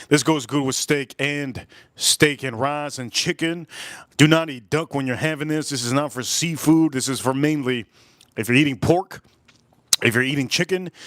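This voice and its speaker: A man's voice: fairly bright tone, no room sound, studio quality. Rambling, jokey male stream host. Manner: rambling, jokey storyteller with quick bursts and slow drawn-out remarks; slips into high put-on voices for quoted people. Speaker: host of a live drink-tasting stream. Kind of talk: casual live-stream chat.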